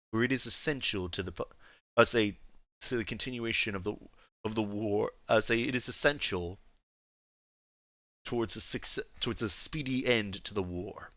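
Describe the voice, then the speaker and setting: Man playing a regal old dragon emperor, deep and refined, imperious, bright edgy tone, dull lo-fi sound. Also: dry recording, natural voice. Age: older. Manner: slow, domineering, imperious. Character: ancient dragon emperor in human form, commanding.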